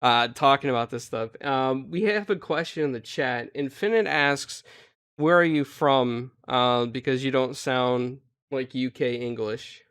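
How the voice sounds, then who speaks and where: Male podcast co-host; eager, halting, smooth tone, dry. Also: mid-range voice, a bit bright, no room sound. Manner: eager, halting, filler-heavy. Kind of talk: casual podcast chat.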